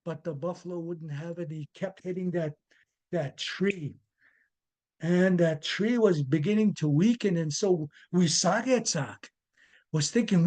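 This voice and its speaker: Male storyteller, high voice, slow, explanatory delivery. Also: a little mellow. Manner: deliberate, explains native words as he goes. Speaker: storyteller and educator. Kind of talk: traditional oral storytelling.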